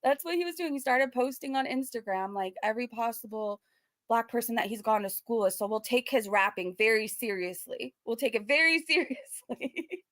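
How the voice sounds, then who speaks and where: A woman's voice: a little high, normal speed, a bit bright, dry recording, clean studio sound. A woman hosting a casual reaction commentary, sarcastic and laughing between remarks, with a self-described valley girl sound. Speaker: reaction channel host.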